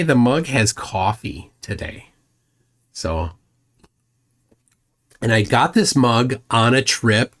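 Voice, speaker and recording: Male live-stream host, somewhat low voice, loose rambling delivery full of ums and restarts. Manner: mocking asides to a rival. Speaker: livestream host. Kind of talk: casual live-stream chat.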